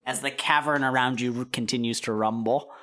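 A woman's voice: a bass voice, fairly even intonation, normal speed, fairly bright tone. A woman running a tabletop game as game master, rambling with fillers. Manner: rambling, full of fillers and laughs.

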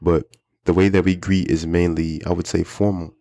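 A man's voice: low-pitched, flat delivery, moderate pace, creaky, warm tone, no room sound, studio quality. A man hosting an English-learning podcast, chatting casually and repeating phrases for his listeners. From United States. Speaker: podcast host teaching English. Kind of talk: casual teaching chat.

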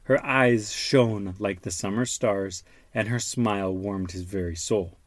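Dad reading a picture book aloud. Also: male voice, on the low side, a little slow, no echo. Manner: warm questions to the child, explains words. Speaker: father reading to his son.

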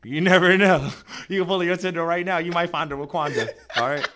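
A man's voice: on the high side, quick pace, background noise. A young man chatting casually as a podcast co-host, loose and slangy, full of filler words. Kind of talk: casual chat.

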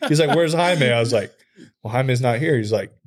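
A man's voice: mid-range voice, brisk, background noise. A young man hosting a podcast in casual chat, joking and telling stories, acting out what others said. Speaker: podcast host.

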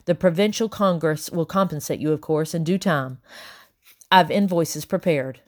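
A woman's voice: deep voice, normal speed, lightly acted. A woman reading as a stern officer. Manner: stern, formal and clipped. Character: stern male patriot officer making an arrest.

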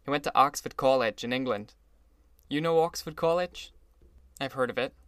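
A man voicing a gloomy, sentimental older gangster, speaking slowly and with heavy emphasis. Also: medium pitch, fairly bright tone, no room sound, lightly acted. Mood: admiring. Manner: brooding, slow, emphatic.

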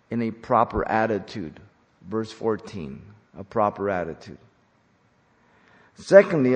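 A man preaching an expository sermon as a pastor, emphatic and deliberate, slowing down on key phrases. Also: medium pitch, a little mellow. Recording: long hall reverb.

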